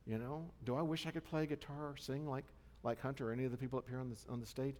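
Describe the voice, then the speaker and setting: A man's voice: medium pitch, steady tone, fast, a little mellow. A male pastor preaching a sermon in a conversational, self-deprecating way, often checking in with the congregation. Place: church sanctuary. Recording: long church hall reverb.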